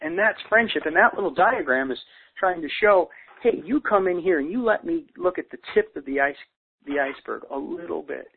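A man's voice: sits high, expressive, brisk, creaky, slight background noise. A man talking earnestly and unscripted, restarting with stammered repeats and quoting people as he goes. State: choked up. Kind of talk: heartfelt unscripted conversation. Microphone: phone. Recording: tinny phone line.

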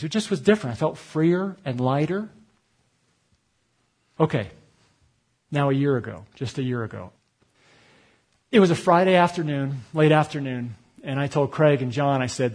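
A middle-aged man from Connecticut delivers a sermon as a personal story, acting out the conversations he recounts. His voice sits a bit higher than most men's and carries a breathy, husky edge. The tone is candid and confessional. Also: expressive, normal speed, long pauses. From Connecticut, USA. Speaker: pastor.

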